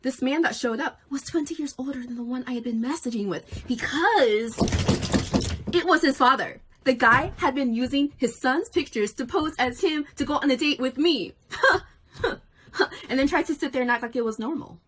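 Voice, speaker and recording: A young woman with a high voice tells a story in a chatty, exasperated way. She talks quickly, as if still in disbelief. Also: a bit bright, husky. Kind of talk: casual storytime video.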